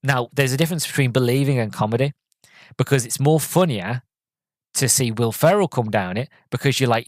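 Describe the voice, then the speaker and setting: A man hosts a casual solo review podcast in an average-pitched voice. He rambles with a steady stream of fillers and "sort of". The recording is dry, with no room sound. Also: a little fast, no room sound. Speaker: podcast host, film reviewer.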